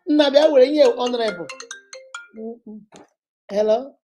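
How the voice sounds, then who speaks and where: A Nigerian woman with a high voice speaks slowly over music while hosting a casual live advice chat. She talks animatedly and laughs a lot as she acts out phone calls.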